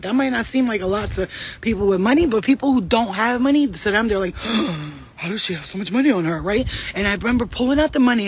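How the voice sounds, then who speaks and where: A woman giving casual spiritual advice as a vlogger, blunt and profane, telling stories in an animated way. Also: mid-range voice, a little hiss or hum. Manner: blunt, profane, streetwise talk; animated storytelling.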